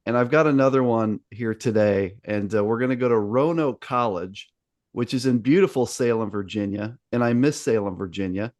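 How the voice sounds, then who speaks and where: A man's voice: on the low side, moderate pace, a little mellow, dry recording, studio quality. A man hosting a sports podcast, chatting in an upbeat, casual way with lots of fillers. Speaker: podcast host. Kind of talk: casual interview chat.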